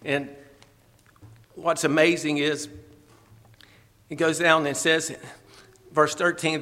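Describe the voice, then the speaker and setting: A man preaching a fervent, emotional sermon, at times teary and laughing softly. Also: a little high, fairly even intonation, measured pace, pauses often.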